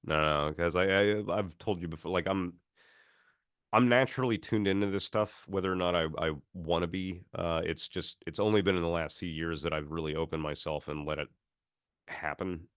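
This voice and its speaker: A man with a very low, deep voice tells his stories with animation and acts out what other people said. The sound is close and dry, with no room around it. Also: moderate pace, smooth, no room sound. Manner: animated storyteller, acts out quotes. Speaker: podcast guest. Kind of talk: casual chat.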